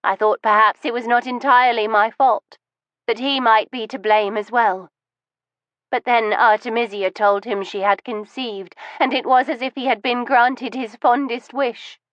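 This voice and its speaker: A woman's voice: fairly even intonation, normal speed, fairly bright tone, no echo, lo-fi sound, natural voice. A woman voicing a cold, bitter middle-aged wife who holds a gun, speaking icily with wounded resentment. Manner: icy and commanding, turning wounded and shrill. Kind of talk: audiobook reading.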